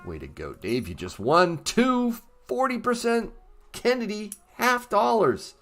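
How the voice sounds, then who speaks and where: A man's voice: high-pitched, sing-song, measured pace, over loud music. A man hosting a casual livestream, chatting with viewers in an upbeat, easygoing way. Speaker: livestream host.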